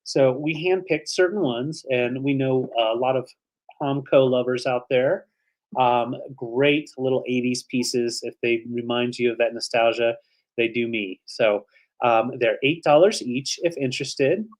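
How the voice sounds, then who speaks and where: A man's voice: mid-range voice, unhurried. Chatty man co-hosting a live sale. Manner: chatty, rambling with fillers, emotional. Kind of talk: live online auction chat.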